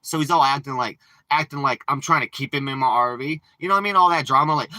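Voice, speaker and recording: A man's voice: mid-range voice, quick pace, bright, forceful tone, no echo, low-quality recording. A man ranting and boasting in casual, profane, rambling livestream chat from inside a parked RV, talking into a phone. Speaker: live streamer.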